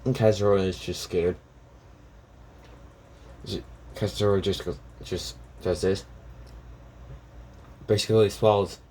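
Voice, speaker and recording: A man's voice: deep voice, little pitch movement, slow, long pauses, mellow. A young man casually retelling a fan story, rambling with restarts and "she goes like".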